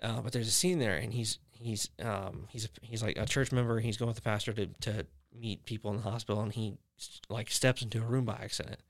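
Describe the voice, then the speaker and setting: A man's voice: fairly low pitch, fairly even intonation, brisk, hardly any pauses. A young man hosting a podcast, talking about his faith in a rambling way, full of fillers and restarts. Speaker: podcast host. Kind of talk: casual faith chat.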